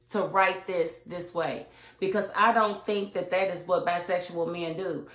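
A woman talks through a TV episode in a loose, colloquial recap, jumping into the characters' lines as she retells them. Her voice sits in an ordinary middle pitch. The recording carries a noticeable roomy echo. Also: moderate pace. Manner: chatty, acts out characters' lines; colloquial, outspoken. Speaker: TV show reviewer. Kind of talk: casual recap and review.

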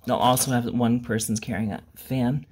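A man hosting his own hobby channel and chatting casually about his miniature work. He talks in a rambling way, pokes fun at himself and fills his pauses with lots of uhs and ums. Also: medium pitch, steady tone, darkish tone, slight background noise. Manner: rambling, self-deprecating, many fillers. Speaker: miniature painting channel host.

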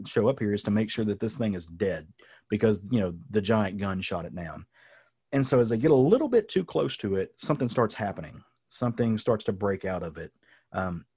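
A man's voice: lowish voice, darkish tone, breathy edge, dry recording, clean studio sound. A man hosting a podcast, casually recapping a comic book story in a rambling way with many ums and asides. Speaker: podcast host.

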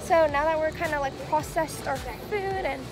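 A woman's voice: sits high, moderate pace. A young woman vlogging at an outdoor theme park, chatty and giggly, filming on a handheld phone. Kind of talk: casual vlog chat. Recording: loud crowd and music noise.

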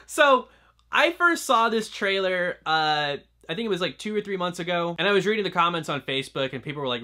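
Bright-voiced young man reviewing a film. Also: high voice, expressive, normal speed. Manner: chatty, fills talk with "like" and restarts. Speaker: movie reviewer. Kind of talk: casual spoken film review.

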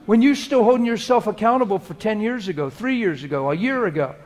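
Middle-aged male preacher, fairly high voice, soft prayer turning loud and lively, live church sermon. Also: fast. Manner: swings from hushed prayerful murmur to loud animated laughing storytelling. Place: church hall before a live congregation.

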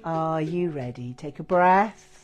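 Slow-speaking woman guiding a meditation. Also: low voice, lo-fi sound, soft background music. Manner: gentle, effusive, many fillers. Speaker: meditation guide. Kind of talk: guided meditation with chanting.

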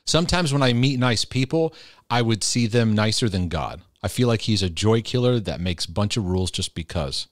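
Brief: earnest man, lowish voice, dry close mic, casual Q&A on faith and feelings. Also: lively intonation, normal speed, no room sound. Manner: earnest and direct, with restarts and laughter. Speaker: Christian mental health teacher answering viewer questions. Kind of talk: casual livestream Q&A, reading and answering questions.

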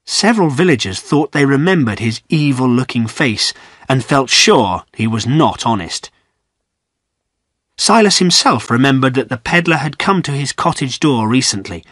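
A man narrating a graded-reader audiobook in a steady, clear storytelling manner. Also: mid-range voice, no room sound, studio quality.

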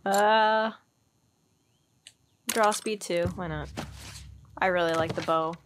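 A woman's voice: lowish voice, takes it slowly, noisy background. A woman giving casual let's-play commentary, chatty and giggly, thinking aloud as she plays. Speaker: gaming streamer.

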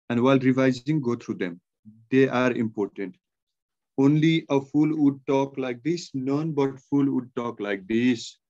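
A man with a Nepali accent teaching an exam-prep English grammar lesson, dictating sentences slowly word by word. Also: medium pitch, warm tone, muffled recording. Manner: slow, measured dictation, repeating sentences word by word.

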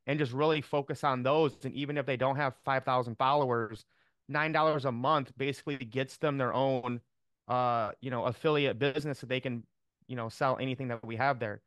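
A man's voice: medium pitch, fairly bright tone, no room sound. A man chatting on a video call, upbeat and rambling, with many fillers and restarts. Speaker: team member on a call. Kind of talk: casual chat on a video call.

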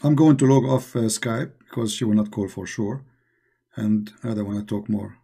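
A man's voice: on the low side, fairly even intonation, moderate pace, vocal fry, warm tone, slightly rough. A man hosting a live religious debate stream, mocking and emphatic, repeating rhetorical questions into a computer mic. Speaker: debate show host.

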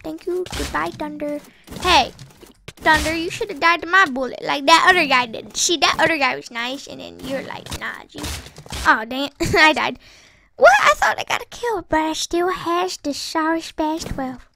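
A woman with a high, bright voice trash-talks her opponents during live gameplay commentary. She giggles often and jumps between mock threats and bursts of excitement. Faint mouse and keyboard clicks sit under her voice. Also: moderate pace, gravelly, slight background noise. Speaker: gaming channel host.

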